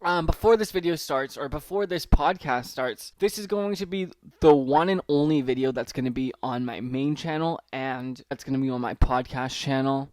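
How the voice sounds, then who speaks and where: A man's voice: medium pitch, normal speed, few pauses, darkish tone, no echo. A young man hosting a solo podcast intro, nervous and rambling, reading from a letter and swearing casually. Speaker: podcast host.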